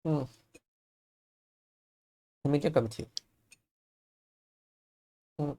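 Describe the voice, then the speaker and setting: A woman's voice: low-pitched, extremely slow. A woman streaming a game, chatting casually and hesitantly as she thinks aloud. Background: loud game music.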